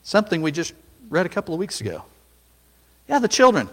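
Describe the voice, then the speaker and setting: A man preaching a sermon, dramatic, rising to loud cries when he acts out a scene. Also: fairly high pitch, very animated, fairly quick, pauses often, in a large hall.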